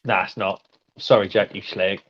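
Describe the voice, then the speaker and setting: A man's voice: sits low, steady tone, moderate pace, slightly rough, lo-fi sound. A man bantering and joking in a casual stream chat.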